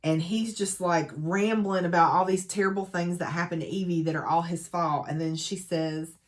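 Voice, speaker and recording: A woman's voice: fairly low pitch, steady tone, normal speed. A woman gives a casual, chatty book recap full of dramatic asides. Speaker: book reviewer.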